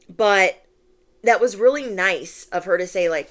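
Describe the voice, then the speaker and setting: A woman's voice: medium pitch, lively intonation, normal speed. Chatty young woman giving a tarot reading. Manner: chatty, rambling, lots of "like" and quoted asides. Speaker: tarot reader. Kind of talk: casual spiritual reading to camera.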